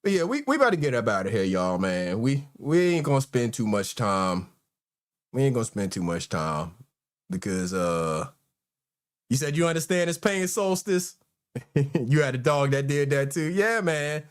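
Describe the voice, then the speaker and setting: A man's voice: medium pitch, sing-song, moderate pace. A man hosting a casual livestream chat, laid-back and chuckling often as he talks to viewers. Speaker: livestream host.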